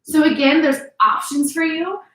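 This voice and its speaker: Her voice sits high, a bit bright, with lively intonation and a normal speed as this fitness instructor coaches her class. Upbeat and encouraging, she calls out each move, now and then short of breath. The recording, made indoors in a home workout space, has a roomy echo from a mic placed at a distance.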